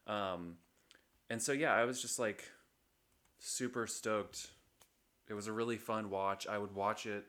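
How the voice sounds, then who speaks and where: A man's voice: lowish voice, fairly even intonation, measured pace, pauses often, fairly bright tone. A young man co-hosting a podcast in casual chat, rambling and hesitant, with many fillers. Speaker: podcast co-host.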